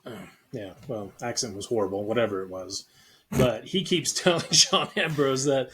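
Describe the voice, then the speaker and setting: Guy with a husky voice, rambling about movies and laughing a lot. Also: medium pitch, normal speed, a bit bright. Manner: joking, rambling, laughs often. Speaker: podcast co-host. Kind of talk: casual movie discussion.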